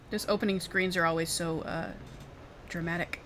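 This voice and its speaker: A woman's voice: lowish voice, steady tone, moderate pace, long pauses, music in the background. A young woman casually commenting on a game she is playing, laughing often and reading its text aloud. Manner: giggly, apologetic, reads game text aloud. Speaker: gaming streamer. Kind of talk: casual let's-play commentary.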